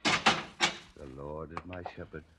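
An actor playing a calm older prison chaplain in a radio drama, speaking slowly and solemnly in prayer. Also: male voice, extremely low pitch, heavy background noise. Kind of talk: 1940s radio acting.

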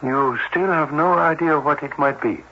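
An actor playing a cautious, formal cardiologist, speaking in a measured, hesitant way in an old-time radio drama. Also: male voice, fairly high pitch, lightly acted. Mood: grave. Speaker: doctor. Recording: dull old radio broadcast with faint hiss.

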